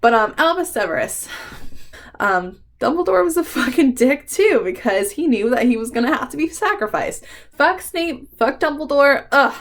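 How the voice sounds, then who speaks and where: A woman's voice: high voice, big pitch swings, moderate pace. A woman doing a casual book tag vlog, chatty and emotional, swearing freely and laughing between remarks. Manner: emotional, fond rambling with frequent ums. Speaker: book vlogger.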